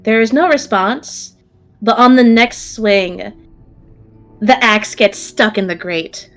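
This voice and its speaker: A woman's voice: fairly high pitch, slow. Woman running a tabletop game, chatty storytelling, music faintly in the back. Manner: lively, casual narration with fillers. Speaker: game master.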